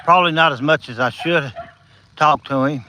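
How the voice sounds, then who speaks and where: A man's voice: on the high side, moderate pace, pushed and bright, slight background noise, poor audio. A Southern-accented man, a little out of breath and slightly slurring without his top teeth, chatting folksily to his live-stream viewers while walking outdoors at night. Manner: folksy, encouraging, talks to viewers by name. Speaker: livestream host. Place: outdoors at night, insects behind.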